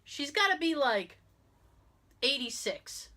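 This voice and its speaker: Bright, animated woman podcast host. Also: sits high, slow. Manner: animated, acts out quoted people. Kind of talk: casual chat, storytelling.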